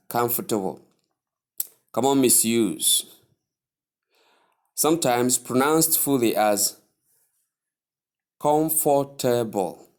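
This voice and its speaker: A man teaching English pronunciation, repeating each word slowly and carefully and stressing its syllables. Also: fairly low pitch. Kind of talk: slow, deliberate pronunciation lesson.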